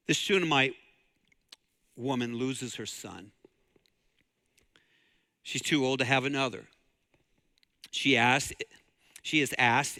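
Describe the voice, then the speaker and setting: Pastor guy preaching, real bright sharp voice, long church echo. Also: medium pitch, slow, long pauses. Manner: storytelling, rising to fervent emphasis. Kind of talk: sermon. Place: church sanctuary.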